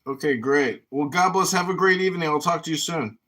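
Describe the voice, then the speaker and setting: A man's voice: on the high side, fairly quick, sharp tone. A man hosting a casual online audio chat, greeting people effusively and repeating catchphrases. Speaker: political candidate hosting an audio chat room.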